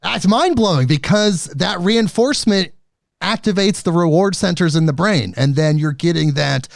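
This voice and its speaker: Podcast host guy, kinda gravelly voice, slightly high, dry close mic. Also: normal speed, no room sound. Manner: reflective, adds ideas and encouraging reactions. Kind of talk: casual interview conversation.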